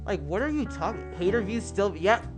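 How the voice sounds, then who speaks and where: Chatting casually on a livestream with music behind him, a man rambles, swears, and stumbles over his words. His voice sits high, with lively intonation and a fairly quick pace.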